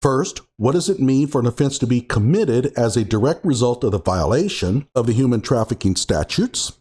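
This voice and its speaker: A man's voice: mid-range voice, lively intonation, moderate pace, a little mellow, husky. A man hosting his own show, giving sarcastic commentary on a court ruling and reading passages out with heavy emphasis. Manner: sarcastic, reads documents aloud with emphasis. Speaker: show host.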